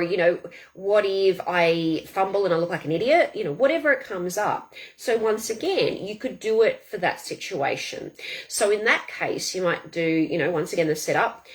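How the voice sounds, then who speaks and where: A woman guiding a tapping session, saying affirmations aloud in a slow, deliberate rhythm. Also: fairly low pitch. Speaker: tapping coach. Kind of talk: guided tapping demonstration.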